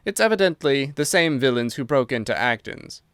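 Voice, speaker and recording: A man voicing a hearty old military colonel who talks in a brisk, forthright way. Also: mid-range voice, animated, fairly bright tone, clear, resonant tone, no room sound, clean studio sound.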